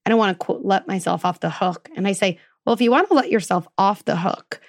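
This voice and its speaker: A woman's voice: mid-range voice, a little fast. A woman hosting a conversational interview, affirming her guest as she asks questions. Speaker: podcast host.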